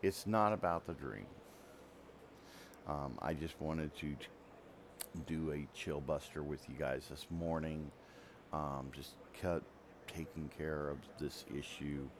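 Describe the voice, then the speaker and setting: A man with an extremely low voice hosts a radio program, with a little hiss or hum on the recording. He's a writer as well, and he tells a long story in a casual, rambling monologue, often interrupting himself.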